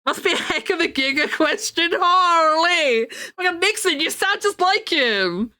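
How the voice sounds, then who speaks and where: A woman's voice: very high voice, lively intonation, unhurried, sharp tone. A young woman chatting casually on her live stream, rambling and laughing often.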